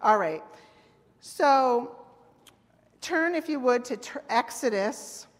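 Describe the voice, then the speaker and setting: A woman's voice: fairly high pitch, animated, slow pace. A woman preaching a sermon in a conversational way, often asking the congregation "right?" and "amen?". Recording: long reverb of a hall.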